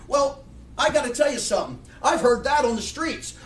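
High-voiced preacher man, blunt and fired up, roomy church sound far from the mic. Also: animated, a little fast, a little hiss or hum. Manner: blunt, fiery, many restarts. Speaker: pastor. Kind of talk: sermon. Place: church sanctuary. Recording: echoey room, mic far off.

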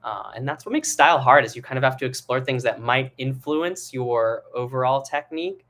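A man's voice: medium pitch, a little fast. A young man teaching a live online singing lesson, explaining at length with many fillers and now and then demonstrating with his voice. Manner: relaxed, rambling explanations with many fillers, breaks into sung and head-voice demos.

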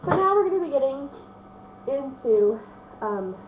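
A woman's voice: sits high, very animated, unhurried, slight background noise. A woman in her thirties chatting in a rambling way about her book haul, with a stuffy nose and lots of fillers. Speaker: vlogger showing a book haul. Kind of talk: casual chat. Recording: tinny, phone-like lo-fi audio.

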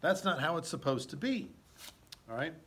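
A man's voice: on the high side, sing-song, moderate pace, a bit bright, slightly rough. A man teaching, reading a play aloud and explaining it, with frequent check-ins to his listeners.

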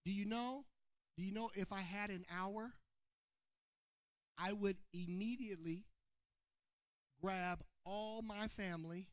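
A man preaching a sermon to his congregation, calling on people by name and swinging between shouted points and quiet asides. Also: sits high, slow, long pauses, clear, resonant tone, dry recording, clean studio sound. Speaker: pastor. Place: church sanctuary before a congregation.

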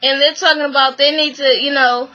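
A woman casually recapping a reality show, animated and exasperated, slangy and swearing freely as she acts out the people in it. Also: sits high, brisk, dull audio.

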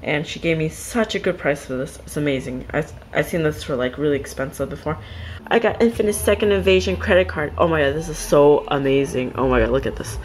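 Gushing excitable young woman, low voice. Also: brisk, a little hiss or hum, poor audio. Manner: gushing, excitable, repeated exclamations; drops to soft near-whispers while handling items. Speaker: vlogger unboxing a trade package. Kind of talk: casual unboxing chat.

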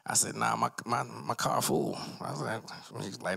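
Animated stand-up comic man, mid-pitched. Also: normal speed, gravelly, husky. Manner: acts out other people in his stories, voice jumping high with excitement; profane, loose storytelling. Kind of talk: stand-up comedy set. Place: comedy night stage at an arts center.

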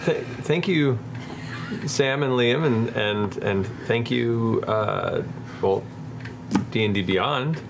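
A man's voice: medium pitch, takes it slowly, vocal fry. A man hosting as game master, flustered and stammering as he thanks sponsors in casual chat. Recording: loud background noise.

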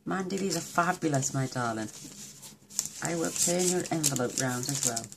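A woman with a very deep, gravelly voice chats casually as she opens handmade cards on camera, gushing and affectionate. The recording is noisy, with paper rustling and clicks close by. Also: animated, moderate pace. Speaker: crafting video host. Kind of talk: casual card-opening chat.

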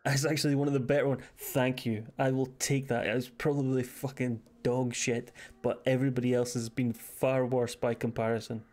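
A man's voice: medium pitch, little pitch movement, normal speed, hardly any pauses, a little mellow, faint music behind. A Scottish man streaming a game live, joking crudely and reading game text aloud hesitantly. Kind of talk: casual live-stream commentary.

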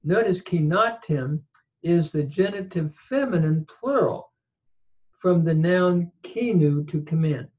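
Man, lecturing teacher, slightly high voice, unhurried and halting, muffled low-fi sound. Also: expressive, darkish tone. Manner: measured, pausing, frequent "uh" fillers. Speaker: teacher of ancient languages. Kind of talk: slow lecture with recited quotations. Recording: dull lo-fi audio.

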